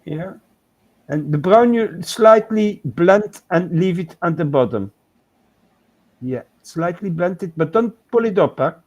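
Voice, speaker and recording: Speaking slightly slowly in a high-pitched, expressive voice, a man co-hosts a painting chat show livestream, patiently guiding someone through painting step by step in a casual chat. The audio sounds lo-fi.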